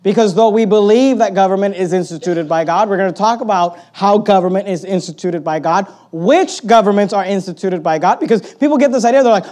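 Man, high voice, pastor, animated sermon, loud bursts and quiet asides, sarcastic. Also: a little fast, few pauses. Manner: animated preaching with sharp swings between loud emphatic bursts and quiet asides; sarcastic, mocking quoted opponents in put-on voices.

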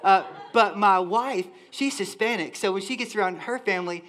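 High-voiced, upbeat man preaching. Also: normal speed, fairly bright tone. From Southern United States. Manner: enthusiastic, playful, talks to the congregation. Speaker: worship leader. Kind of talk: energetic joking sermon. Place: church sanctuary.

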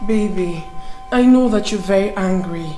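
An actress with a Nigerian accent playing a young wife who pleads with her angry husband to calm down, in a film drama. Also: mid-range voice, normal speed, echoey room, faint music behind, natural voice. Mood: pleading. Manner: soothing, pleading.

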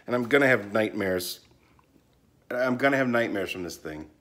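A man casually reviewing a fast-food sandwich, hesitant and often trailing off while he chews. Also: on the low side, lively intonation, a bit bright. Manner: hesitant, trailing off and restarting as he reacts; talks while chewing at times.

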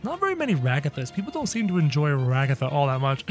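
A man giving excited, energetic commentary over his game, talking straight to his viewers. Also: a little high, fast talker, faint music behind. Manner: energetic, talks to viewers as "guys". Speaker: gaming video creator.

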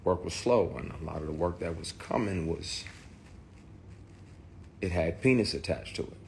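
Deep-voiced man telling a raw story. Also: normal speed, vocal fry, slight background noise. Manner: emphatic, raw and swearing, with restarts. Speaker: actor. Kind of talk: candid personal testimony.

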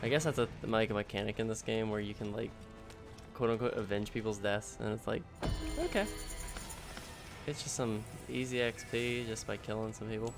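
A man's voice: lowish voice, steady tone, moderate pace. A man streaming a video game, swearing in frustrated outbursts and rambling through stories with lots of filler words. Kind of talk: casual gameplay commentary. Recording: game music playing behind.

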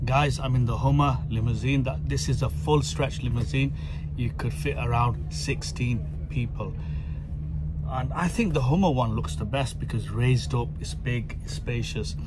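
A man vlogging casually to camera, chatty and excitable, addressing his viewers as guys. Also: mid-range voice, moderate pace, background noise.

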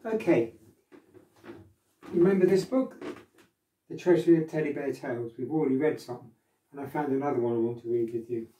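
Brief: male story reader, mellow and slow, lively intonation, roomy distant sound. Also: medium pitch. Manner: expressive storytelling, slow deliberate emphasis. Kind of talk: reading a picture book aloud. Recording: roomy echo, distant mic.

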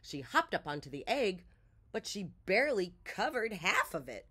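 A woman reading a children's picture book aloud, with expressive storytelling. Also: mid-range voice, normal speed, breathy edge.

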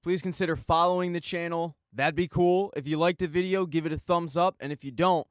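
A male host rattles through an episode recap at a quick clip. His delivery is wry and irreverent, with crude asides. The sound is dry and close, with no room echo. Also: a little high, steady tone. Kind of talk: scripted recap narration.

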